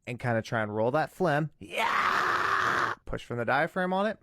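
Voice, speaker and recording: A man's voice: mid-range voice, animated, a little fast, a bit bright, shouting, slight background noise. A man giving a casual step-by-step tutorial, earnest and cautious in how he explains. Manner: earnest, cautious, breaks into demo screams and whispers. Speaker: vocal tutorial maker.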